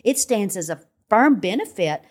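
Grandmotherly woman Bible teacher, earnest and emphatic, middle pitch. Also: sing-song, moderate pace, darkish tone. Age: older, a grandmother. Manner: earnest, emphatic, repeats phrases in lists. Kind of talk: devotional podcast interview.

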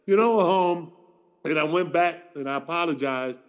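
Animated, high-voiced man telling stories. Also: normal speed. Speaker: podcast co-host. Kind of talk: casual storytelling chat.

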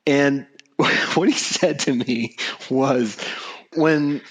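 A man's voice: mid-range voice, drawn-out words. A man hosting a podcast conversation. He speaks thoughtfully, takes his time, and laughs often. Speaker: podcast host. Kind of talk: conversational interview.

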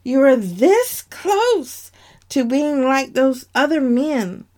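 A woman reads a male doctor who speaks calmly and reassuringly to a patient in a storybook drama. Her voice stays fairly high and lively. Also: takes it slowly, full character voice.

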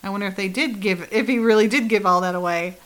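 A woman's voice: medium pitch, fast, fairly bright tone. A woman co-hosting a casual podcast, animatedly retelling a TV episode and quoting the characters with laughs. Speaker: podcast co-host. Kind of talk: casual chat recapping a TV episode.

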